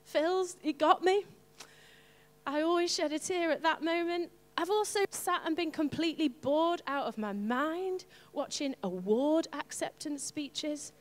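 Lively woman preaching in a hall. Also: high voice, unhurried. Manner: animated, playful asides to the congregation. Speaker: pastor. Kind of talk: sermon.

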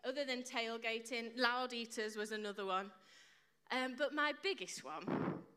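This woman's voice is fairly high, bright, forceful, clear and resonant, and she keeps a measured pace. She preaches a conversational sermon to a live congregation in a church hall, trading playful jokes and quizzing people. Her breathing is audible on the close, unshielded microphone.

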